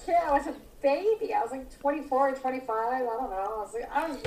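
A middle-aged woman telling a story in casual chat. She is animated and acts out the dialogue as she goes. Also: high voice, quick pace. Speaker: guest storyteller. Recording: roomy echo.

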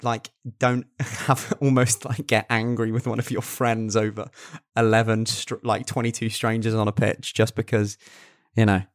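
Animated young man. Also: lowish voice, normal speed. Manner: animated, repeats words when building a point. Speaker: podcast co-host. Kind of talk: casual football chat.

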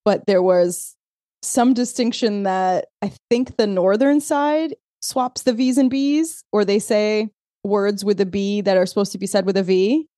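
A woman co-hosting a podcast in casual chat, telling a story with lively asides and acting out quoted exchanges. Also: mid-range voice, measured pace, no room sound, clean studio sound. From Azores. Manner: animated storyteller, laughs often, acts out quoted texts. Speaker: podcast co-host.

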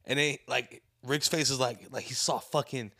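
A man's voice: medium pitch, steady tone, normal speed, sharp tone, no echo, studio quality. A man co-hosting a casual podcast, swearing freely and jumping into acted-out voices. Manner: loose, swearing, acts out voices with big jumps up. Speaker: podcast co-host. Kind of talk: casual profane banter.

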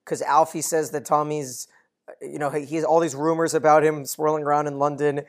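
A podcast co-host retelling TV scenes in relaxed, chatty talk, laughing easily along the way. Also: medium pitch, a little fast. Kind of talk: casual TV recap chat.

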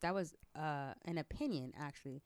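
A woman co-hosting a podcast in casual chat, chatty and quick to laugh. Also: deep voice, a little mellow, dry recording. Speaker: podcast co-host.

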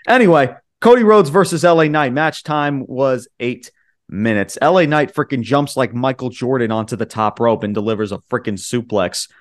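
An excitable male podcast co-host, talking casually and swearing freely. He rambles, repeats himself, and gushes with enthusiasm in a middle-pitched voice. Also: moderate pace. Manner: excited, profane, rambling recaps.

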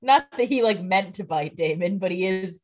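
A woman's voice: medium pitch, animated, normal speed. A young adult woman co-hosting a podcast, adding playful, jokey commentary. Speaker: podcast co-host. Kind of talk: casual chat.

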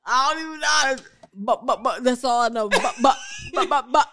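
A woman's voice: sits high, fairly quick, crowd noise. A woman co-hosting a podcast who chats casually and cuts in with playful jokes. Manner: playful, joking interjections. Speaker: podcast co-host. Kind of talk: casual chat.

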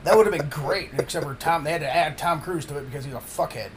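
A man's voice: on the high side, fast, noisy background. A married man co-hosting a casual podcast, talking bluntly with plenty of swearing and jokes. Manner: profane and blunt, jokey. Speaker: podcast co-host. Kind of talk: casual chat.

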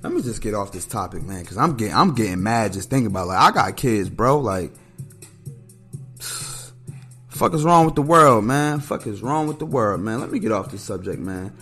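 A man rants through his solo show in a loose, profane way, tossing "man" onto nearly every line. His pitch jumps around a lot, spiking when he is outraged or amused. Faint music plays under his voice. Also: lively intonation, moderate pace, fairly bright tone, breathy edge. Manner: blunt, profane, ranting with heavy filler "man". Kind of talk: casual solo commentary.

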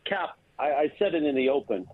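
Animated man on a tinny phone line. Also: a little high, fairly quick, dry recording. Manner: animated, teasing, mock-grand praise. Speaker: radio show regular calling in. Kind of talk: casual sports radio banter.

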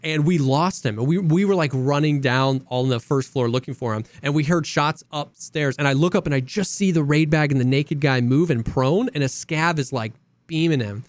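A young man co-hosting a podcast, telling stories in a lively, animated way and acting out quotes. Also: on the high side, moderate pace, dry recording. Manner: animated storyteller, acts out quotes. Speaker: podcast co-host. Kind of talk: casual chat.

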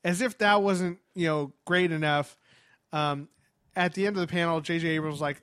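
Man, casual storyteller, higher voice, animated and gushing, dry close sound. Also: clean tone, no echo. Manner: animated, fast with many fillers and restarts.

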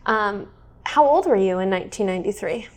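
A woman in her thirties hosting a casual chat, explaining history in a lively, chatty way. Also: mid-range voice, fairly quick. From Kansas City area. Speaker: weather show host.

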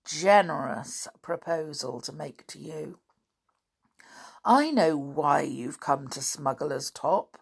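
A woman voicing a suave, scheming middle-aged male smuggler who talks softly and smoothly. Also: low voice, heavily acted.

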